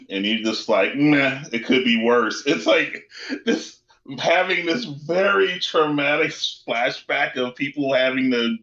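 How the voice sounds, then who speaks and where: A man's voice: medium pitch, sharp tone, echoey room, highs cut off. A man chatting casually about a tabletop game session, rambling and laughing often. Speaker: player. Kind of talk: casual post-session recap.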